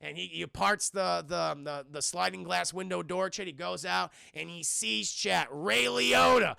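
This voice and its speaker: Gravelly high-voiced man rambling to chat. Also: fairly even intonation, normal speed, sharp tone, no echo, studio quality. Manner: rambling, profane, keeps addressing chat. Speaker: streamer reviewing a film with chat. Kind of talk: casual livestream recap.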